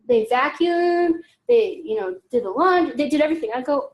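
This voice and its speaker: A high-pitched woman speaks to a group in a lively storytelling way. She acts out conversations and keeps asking her listeners questions. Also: moderate pace. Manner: animated, acts out dialogue, asks audience questions. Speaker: speaker giving a talk.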